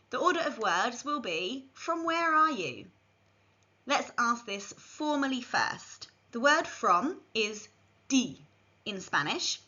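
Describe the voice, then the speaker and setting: A woman's voice: a little high, pushed and bright. A woman giving a scripted language lesson, carefully modelling phrases for learners to repeat. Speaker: language teacher. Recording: dull lo-fi recording.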